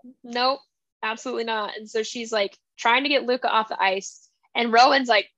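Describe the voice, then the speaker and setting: A woman co-hosting a casual book podcast, retelling scenes in an animated way and quoting characters. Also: fairly high pitch, fairly quick, dry recording, highs cut off. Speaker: podcast co-host.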